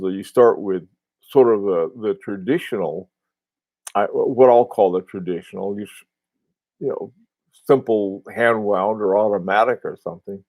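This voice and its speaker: A man hosting a casual livestream, answering viewers in a halting, rambling way with many restarts and fillers. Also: lowish voice, darkish tone, no room sound. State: has the hiccups. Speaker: host of a live watch talk.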